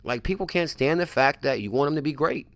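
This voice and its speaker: A man's voice: a little high, fairly quick, fairly bright tone, dry recording. A man hosting a crypto livestream in a pushy, repetitive hype style, keeps pressing his point. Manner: pushy, repetitive hype, keeps saying "I'm telling you". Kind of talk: hyped casual livestream talk.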